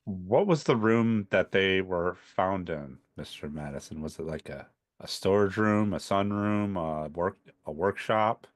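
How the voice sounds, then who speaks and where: A man playing in a tabletop role-play, asking measured questions. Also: low-pitched, animated, no room sound, studio quality. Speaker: player.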